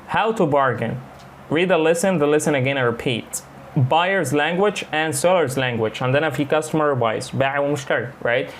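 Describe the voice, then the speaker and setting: Man teaching English, slow then fast. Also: medium pitch, a little hiss or hum. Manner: switches between slow English example lines and fast Arabic explanations. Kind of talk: bilingual English lesson.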